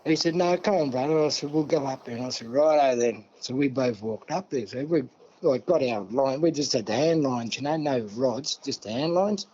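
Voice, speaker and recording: An older man from New South Wales with an Australian accent, telling a long story in a relaxed interview and acting out the dialogue. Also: medium pitch, normal speed. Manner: yarning, acts out dialogue, many "see?" and "mate". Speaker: guest elder. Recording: dull lo-fi sound.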